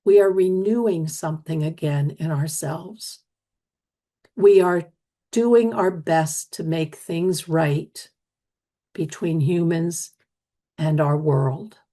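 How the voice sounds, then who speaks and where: Brief: middle-aged woman host, unhurried earnest storyteller, low dark voice. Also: creaky. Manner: slow, earnest, with frequent restarts and soft repetitions. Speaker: podcast host and speaker on energy medicine. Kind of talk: reflective storytelling talk.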